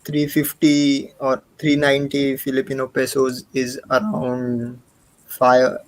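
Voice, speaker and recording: Slow, hesitant man. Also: mid-range voice, monotone, low-quality recording. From India. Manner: hesitant, frequent restarts. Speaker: co-host. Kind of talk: casual livestream chat.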